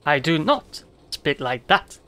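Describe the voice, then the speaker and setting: A game commentator voicing a stiff, formal circus ringmaster who talks slowly in a flat, robot-like way. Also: mid-range voice, heavily acted. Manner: slow, flat, robot-like delivery.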